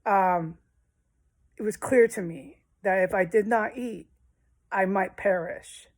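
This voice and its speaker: A woman's voice: medium pitch, takes it slowly. A woman talking straight to her viewers in a rambling personal monologue, emotional and swearing often. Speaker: vlogger.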